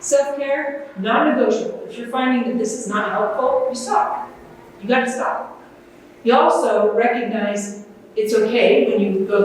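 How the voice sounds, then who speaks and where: Woman giving a conference workshop, soft and unhurried, big echoey room, mic kinda far off. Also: a little high, slight background noise. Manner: gentle, unhurried, with fillers and restarts. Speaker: conference presenter. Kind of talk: workshop talk on self-compassion.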